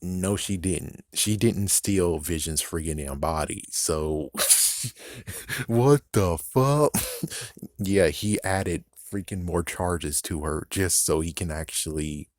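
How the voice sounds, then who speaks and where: A man's voice: deep voice, steady tone, a little slow, hardly any pauses, dry recording, studio quality. An American man giving a rambling, profane casual commentary on a TV episode, often laughing and correcting himself. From United States. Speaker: YouTube commentator.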